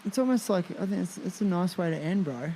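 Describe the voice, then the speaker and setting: Male podcast host, mellow tone, loose rambling chat full of fillers and swearing. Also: high-pitched, animated, a little fast, a little hiss or hum. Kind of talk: casual conversation.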